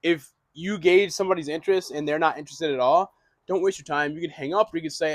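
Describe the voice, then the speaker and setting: Fast-talking energetic young man teaching. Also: on the high side, no room sound. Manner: energetic, repeats and restarts phrases, swears casually. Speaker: real estate wholesaling instructor. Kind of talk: casual classroom lesson.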